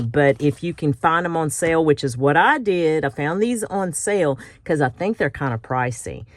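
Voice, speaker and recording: A middle-aged woman hosting a casual crafting tutorial, chatty and self-mocking and often laughing. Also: low-pitched. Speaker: craft channel host.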